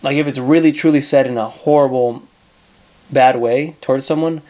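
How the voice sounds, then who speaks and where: A man's voice: medium pitch, fairly even intonation, normal speed, dark tone. A man hosting an advice show, talking casually in a blunt, profane way and repeating himself for emphasis.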